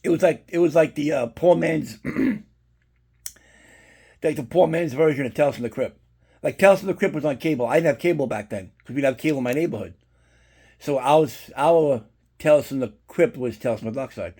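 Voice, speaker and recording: A middle-aged man talks loosely to his viewers like a regular vlogger showing off his collection, his voice a little high, a little fast, dark and mellow with a husky edge. He sounds relaxed and conversational during this casual unboxing chat, swearing freely and wandering into rambling side stories.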